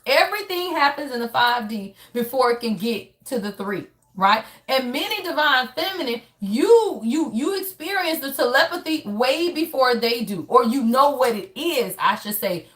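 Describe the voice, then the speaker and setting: A woman reads tarot in a loose, casual way, her high voice swooping up and down with lots of life. She is blunt and swears freely, calling out to her viewers again and again and punching her points with quick rhetorical questions. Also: fairly bright tone. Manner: blunt and profane, constantly addressing viewers directly; emphatic, with frequent rhetorical tag questions. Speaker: tarot reader. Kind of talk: casual spiritual reading.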